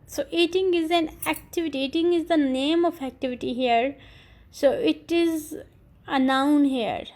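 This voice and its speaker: Woman teacher, recorded grammar lesson, unhurried and careful, spells out letters. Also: sits high, fairly even intonation, darkish tone. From Pakistan. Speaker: English teacher.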